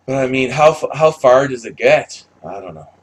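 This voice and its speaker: A man's voice: mid-range voice, expressive, moderate pace. Blunt, profane man ranting to camera. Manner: blunt, profane, rambling with restarts. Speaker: commentator. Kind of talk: unscripted monologue.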